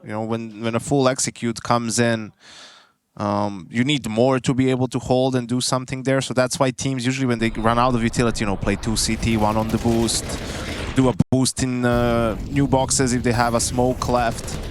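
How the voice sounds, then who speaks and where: A man breaks down team tactics in an explanatory, measured way, talking through why plays work during live esports coverage. His voice sits at an ordinary middle pitch. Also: level tone. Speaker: esports analyst. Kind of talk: tactical analysis commentary.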